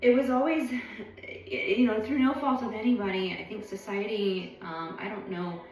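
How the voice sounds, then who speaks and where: A woman's voice: mid-range voice, steady tone, normal speed, a little mellow, slight background noise. Woman vlogger, meandering and reflective, full of ums, distant mic in a very echoey room. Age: adult. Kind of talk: casual rambling monologue. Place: at home.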